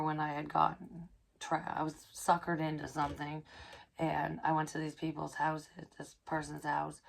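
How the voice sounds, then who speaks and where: Low, gravelly woman telling a story. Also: a little hiss or hum. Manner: excitable and profane, drops into hushed asides. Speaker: psychic medium. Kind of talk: casual personal storytelling.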